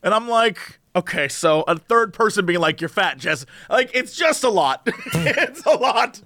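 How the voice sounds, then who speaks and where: A young man co-hosting a casual podcast, telling comic stories and doing quick impressions of the people he quotes. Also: high voice, animated, bright, forceful tone, no room sound, studio quality. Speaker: podcast co-host.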